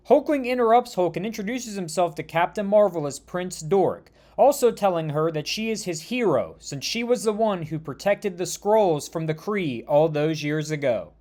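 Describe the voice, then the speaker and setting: A man narrating a fan-made superhero story in a steady, scripted storytelling manner. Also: sits high, moderate pace, hardly any pauses.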